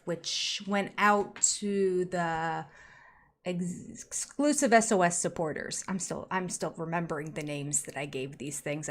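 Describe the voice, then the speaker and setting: A woman's voice: mid-range voice, a bit bright. Older woman chatting on a live stream. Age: 60s. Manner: chatty, reads out viewer comments with little laughs. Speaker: YouTube host reading live chat. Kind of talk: casual live-stream chat.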